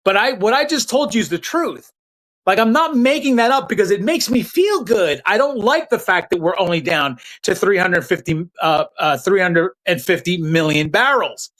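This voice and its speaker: High-voiced guy ranting on his live stream, blunt, slangy, keeps restarting and talking right at chat. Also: animated, normal speed, a bit bright, poor audio. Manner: blunt, heated, talks straight to chat viewers; loose slang and frequent restarts. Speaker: political commentary livestream host. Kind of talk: casual live-stream commentary.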